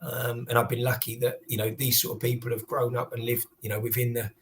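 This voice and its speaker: A chatty man from South London with a Cockney accent, speaking at a middling pitch. He talks with easy enthusiasm and leans on lots of fillers as a podcast guest. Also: little pitch movement, fast. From South London, England. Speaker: podcast guest, youth football coach. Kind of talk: casual conversational interview.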